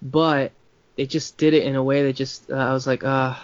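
A man's voice: mid-range voice, flat delivery, normal speed, no echo, lo-fi sound. A man in casual film talk, rambling with many restarts and fillers.

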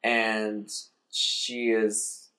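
A man in casual conversation, animatedly retelling a film's plot and briefly acting out the characters in quick put-on voices. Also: lowish voice, monotone, bright, forceful tone. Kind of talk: casual chat.

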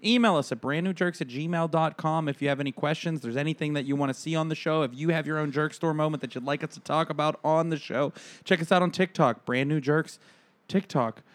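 A man's voice: on the high side, brisk. A man co-hosting a comedy podcast, bantering in a dry, joking way and reading out the show's sign-off.

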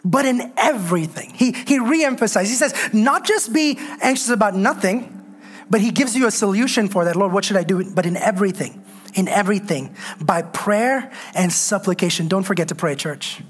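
A woman's voice: medium pitch, moderate pace, husky. Woman preacher exhorting her congregation. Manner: exhorting, calls on the congregation to respond; emphatic repetition of phrases. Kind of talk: sermon.

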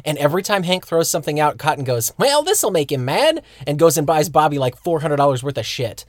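A man's voice: a little high, fast, no room sound, studio quality. A man co-hosting a podcast, chatting casually in a blunt, wry way and swearing freely. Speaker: podcast co-host. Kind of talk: casual chat.

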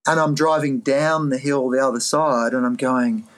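A middle-aged man with an Australian accent recounts a turning point in his life as a podcast guest. His voice sits in an ordinary middle register. He talks earnestly and with energy, slipping into a higher, livelier voice whenever he acts out what he used to think. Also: moderate pace. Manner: earnest, animated, jumps into a higher voice to act out his own past thoughts. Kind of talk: reflective podcast storytelling.

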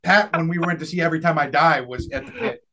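Man, young adult, high voice, animated storyteller, laughs a lot, casual podcast chat. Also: fast, noisy background. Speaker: podcast host.

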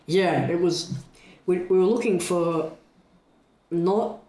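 A man's voice: sits high, slow pace. Man, echoey room storytelling. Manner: animated retelling, frequent restarts. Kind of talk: casual storytelling chat.

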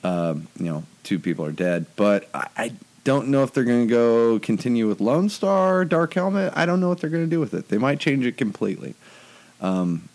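A man's voice: mid-range voice, big pitch swings, normal speed, a little mellow. A man co-hosting a podcast in casual chat, joking crudely and laughing at his own gags. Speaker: podcast co-host.

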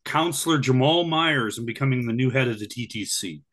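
A man's voice: mid-range voice, a little fast, a crowd in the background. A man co-hosting a podcast in casual chat, opinionated and blunt, often stopping to restart his sentences. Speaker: podcast co-host.

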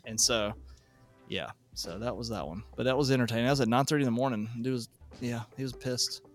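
A man in casual podcast chat, telling a work story at an ordinary pitch. He is animated and self-deprecating, laughing as he goes. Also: brisk, faint music behind. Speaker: podcast host, HVAC technician.

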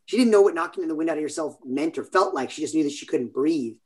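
A man's voice: a little high, lively intonation, fast talker. A man in his forties from California, telling stories in a rambling, self-interrupting way during a casual interview chat. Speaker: podcast guest.

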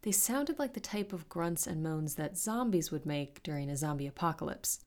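A woman's voice: low-pitched, moderate pace. Woman host reading fiction aloud. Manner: cheerful, expressive reading. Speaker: podcast host and narrator. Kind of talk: storybook narration.

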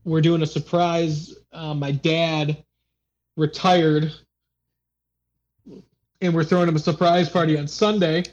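A man's voice: fairly high pitch, slow, long pauses. Blunt young man with a dull lo-fi sound. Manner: animated, blunt, swears freely. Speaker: podcast co-host. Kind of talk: casual chat.

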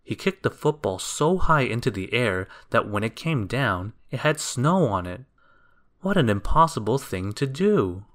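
A man reading a children's storybook aloud in a gentle, expressive, unhurried way. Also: medium pitch.

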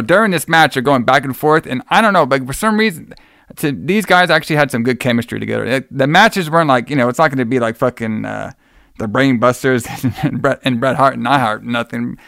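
A man's voice: mid-range voice, fairly quick, gravelly, a bit bright, no room sound, clean studio sound. A man hosting a casual podcast chat, enthusiastic, rambling and profane. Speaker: podcast host.

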